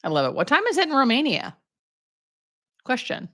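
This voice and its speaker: Woman, thirties, livestream host, casual Q&A, bright voice, friendly chatter, greets viewers by name. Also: high-pitched, wildly swooping pitch, normal speed. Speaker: hospice nurse and livestream host. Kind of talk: casual live Q&A chat.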